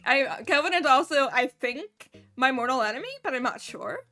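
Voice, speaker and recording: Playful woman streamer, giggly, bright voice, faint music behind. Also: sits high, lively intonation, normal speed. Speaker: gaming streamer. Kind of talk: casual live-stream chat.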